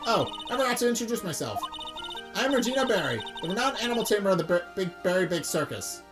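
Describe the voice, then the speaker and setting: A woman voicing a bubbly, carefree young female circus animal tamer in a game playthrough, with a chirpy, giggly, high-pitched delivery. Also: very animated, fast talker, over music, lightly acted. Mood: cheerful.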